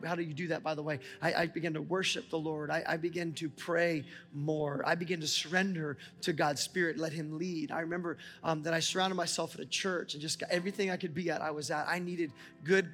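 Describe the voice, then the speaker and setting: A man in his forties preaching a sermon as a pastor, talking with passion and rising to near-shouts as he speaks to God aloud. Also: on the high side. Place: church auditorium. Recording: large hall with long reverb, music beneath.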